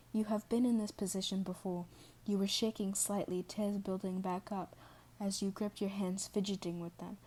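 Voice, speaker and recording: Mellow-voiced woman reading a story. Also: medium pitch. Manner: reads with restarts and self-corrections, stops to apologize. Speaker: fan fiction reader. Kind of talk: second-person story reading.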